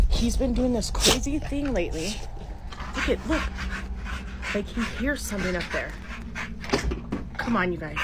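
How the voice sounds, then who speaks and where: A middle-aged woman filming inside her home on a handheld phone, talking to viewers in a breathless, alarmed, often hushed way. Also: medium pitch. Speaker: homeowner filming her house. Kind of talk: frightened phone video to viewers. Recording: noisy home phone recording.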